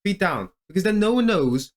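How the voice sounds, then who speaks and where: Young guy riffing on a video, laughs a lot, keeps tripping over his words, voice a bit high. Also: sing-song, fairly quick. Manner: mocking, laughs often, stammers and restarts. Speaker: video commentator. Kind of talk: comedic reaction commentary.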